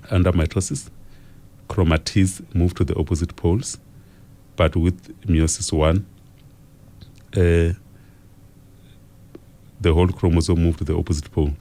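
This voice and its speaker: Deep-voiced South African male teacher. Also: a little mellow. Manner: slow and repetitive, dictating key phrases. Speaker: radio teacher. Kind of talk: exam revision lesson.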